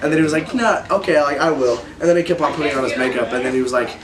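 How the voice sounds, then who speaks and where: A man's voice: on the high side, rapid-fire, recorded from a distance, crowd noise. A man rambling awkwardly with lots of filler words in a comic mockumentary interview. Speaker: interviewee in a mock documentary.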